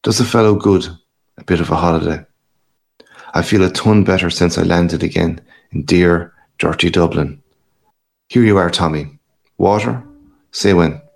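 A man's voice: deep voice, normal speed, creaky, long pauses. A man voicing a boisterous, worldly middle-aged journalist with a hearty, boastful, teasing manner.

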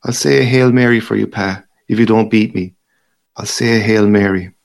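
A frightened little boy begs in a small, whimpering voice, as a male reader puts him on. The voice sits well above the reader's own deep register, and it comes out slow. He sounds meek and scared. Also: gravelly. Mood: terrified pleading. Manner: whimpering, pleading. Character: frightened small boy pleading with his father.

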